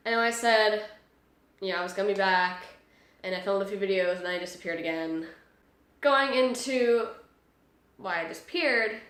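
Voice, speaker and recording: A woman's voice: mid-range voice, a bit bright, roomy sound. A woman, vlogging in a chatty, upbeat way and sounding nasal and congested from allergies. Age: 20s. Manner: chatty and upbeat, rambling asides. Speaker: book vlogger. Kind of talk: casual vlog talk. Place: small room at home.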